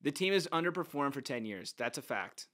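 A man hosting a sports talk show, calm and dry, steering the segments. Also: medium pitch, a little fast. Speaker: host.

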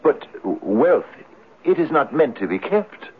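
An actor playing a poor, earnest, idealistic Irish farmer who hesitates with many 'uh's, in a 1970s radio drama. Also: male voice, mid-range voice, sing-song, slow pace, husky, exaggerated voice. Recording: tinny lo-fi old radio broadcast.

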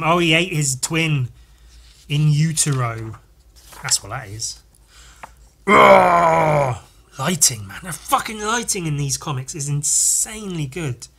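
Bright-voiced, foul-mouthed man gushing over comics. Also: on the high side, slightly rough. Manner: profane, rambling, enthusiastic. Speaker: podcast host reviewing comics. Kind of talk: casual chat.

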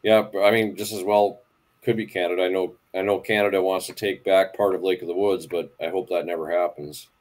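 A man hosts a fishing channel's live stream in a relaxed way. His voice sits low. He asks his guests easygoing questions and reads out what viewers send in. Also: fairly quick. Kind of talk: casual live-stream chat.

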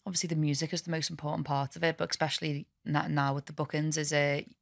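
A woman's voice: sits low, little pitch movement, fast, vocal fry, dry recording, studio quality. A woman hosting an interview, asking long, looping questions with fillers. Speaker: podcast host.

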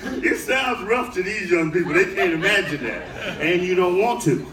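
A man doing stand-up comedy to a live audience, animated and bursting into shouted punchlines. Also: sits high, moderate pace, background noise. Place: cruise ship showroom, live audience. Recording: echoey room, far mic, crowd laughter.

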